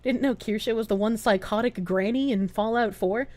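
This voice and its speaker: A woman streamer chatting casually and reading viewer comments aloud, giggly and animated, swearing freely. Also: on the high side, moderate pace. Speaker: live streamer.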